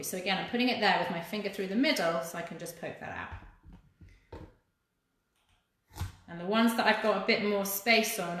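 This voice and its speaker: A woman's voice: lowish voice, fairly bright tone, very echoey. A woman leading a live cooking demonstration for children, chatty and encouraging as she talks to viewers while she works. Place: kitchen.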